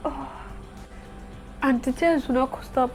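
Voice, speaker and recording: A woman's voice: high-pitched, fairly even intonation, slow pace, darkish tone, soft background music. A young woman, chatting expressively and dramatically to camera as a beauty vlogger. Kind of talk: casual vlog talk to camera.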